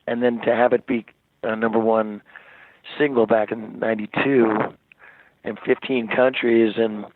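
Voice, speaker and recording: A man, a rock singer as interview guest, telling stories in a rambling, animated way with many restarts, over the phone. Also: lowish voice, unhurried, dry recording. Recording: tinny dry phone line.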